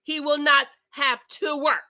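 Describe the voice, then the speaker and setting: A woman's voice: high-pitched, a little slow, low-quality recording. A woman vlogger giving casual, emotional commentary on a reality show and talking straight to her viewers. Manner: emotional and expressive, addresses viewers directly; animated, swings between loud excitement and quiet asides.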